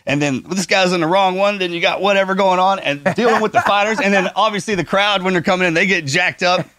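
A man's voice: sits high, fast, sharp tone, no echo. A man co-hosting a podcast in a laid-back way, with stumbling repeats. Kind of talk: casual podcast conversation.

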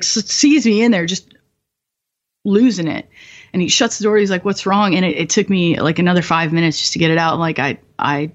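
A woman in her twenties, a guest on a podcast, telling her story in a candid, profane, self-mocking way and laughing often. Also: on the low side. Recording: slightly dull podcast audio.

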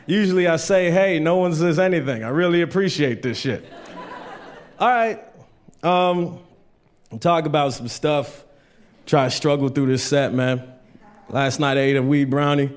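Stand-up comic, slightly high voice. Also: male voice, measured pace, pauses often. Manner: loose storytelling, swears, acts out friends. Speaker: stand-up comedian. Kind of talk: stand-up set. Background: audience laughter.

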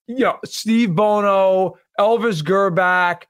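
A man co-hosting a sports podcast, telling stories in a lively, swearing, casual way. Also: high voice, takes it slowly, clean tone, no echo, studio quality. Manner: animated storyteller, swears freely. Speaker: podcast co-host.

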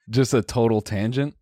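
A man's voice: medium pitch, warm tone, no echo, clean studio sound. A man co-hosting a podcast, chatting casually and laughing often. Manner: laughs often, slow and drawn out. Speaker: podcast co-host. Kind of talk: casual chat.

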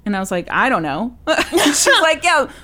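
A young woman co-hosting a podcast, chatting casually and telling a personal story with lively acted-out quotes. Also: mid-range voice, fairly quick. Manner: animated storyteller, acts out quoted voices. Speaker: podcast co-host. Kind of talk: casual chat.

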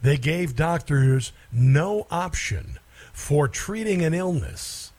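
A man's voice: a little high, animated, slow, a little mellow. A middle-aged man hosting a talk radio show, holding forth in a rambling, emphatic monologue with lots of fillers and restarts.

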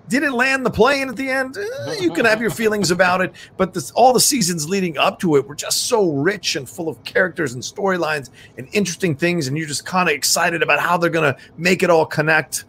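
A man hosting a casual live stream, steering the talk and musing warmly about a favorite show. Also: high voice, brisk, few pauses. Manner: relaxed, reflective, steers the show. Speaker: host. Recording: faint background noise.

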